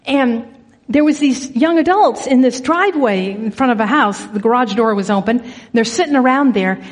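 A woman's voice: high voice, in a large hall. A woman giving an earnest sermon, telling a church story and leading a prayer, often restarting her words. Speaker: church speaker.

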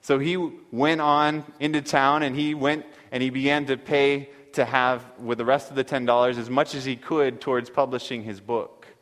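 A man's voice: medium pitch, level tone, moderate pace, hardly any pauses, fairly bright tone. Man telling a sermon story in a reverberant hall. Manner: earnest, reads a story aloud. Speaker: preacher.

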